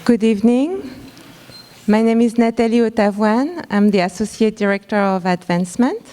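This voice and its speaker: A woman, a school's director of advancement, presenting at a member forum and speaking haltingly with many fillers. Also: a little high, mellow, in a large hall. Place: large hall at a school forum.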